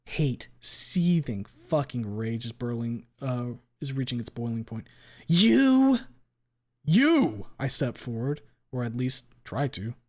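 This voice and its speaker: A man's voice: medium pitch, measured pace, hardly any pauses. Man reading a story aloud. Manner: expressive reading with small stumbles.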